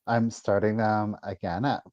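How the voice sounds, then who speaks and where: A man's voice: fairly low pitch, fairly even intonation, a little slow, darkish tone, no echo. A man hosting a live sale, carefully describing each item in detail. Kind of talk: livestream sales pitch. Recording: dull, dry lo-fi sound.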